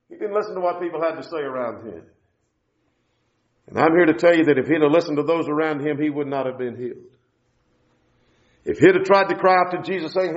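A man's voice: high-pitched, a little fast. A man preaching a sermon, emphatic, repeating key phrases and quoting scripture. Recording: echoey, dull church recording.

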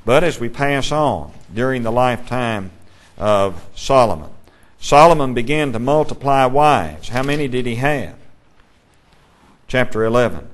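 A man's voice: mid-range voice, expressive, unhurried. A man teaching a Bible class, asking his students questions and reading scripture aloud.

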